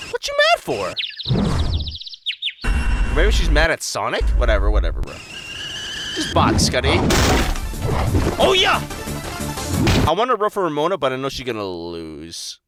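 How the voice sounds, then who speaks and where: A young man hosting a reaction video, cursing and talking loudly back at what he watches. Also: fairly high pitch. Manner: loud, profane, excitable, talks to the screen. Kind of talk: live reaction commentary. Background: loud music from the video he watches.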